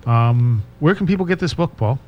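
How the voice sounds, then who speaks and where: A man's voice: medium pitch, expressive, moderate pace, muffled recording. A man hosting a college radio interview show, giving short affirmations and reading station information. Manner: brief affirmations, laughs along.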